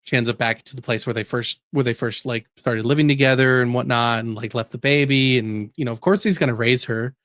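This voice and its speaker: Podcast co-host, man, mid voice, animated storyteller. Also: medium pitch, brisk, few pauses, no echo, clean studio sound. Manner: animated storyteller, laughs while talking. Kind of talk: casual chat.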